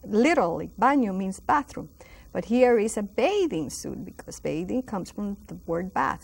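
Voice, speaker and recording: A woman teaching a televised lesson, patiently repeating each word slowly and inviting viewers to say it with her. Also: medium pitch, sing-song, gravelly. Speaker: Spanish teacher. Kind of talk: slow televised language lesson.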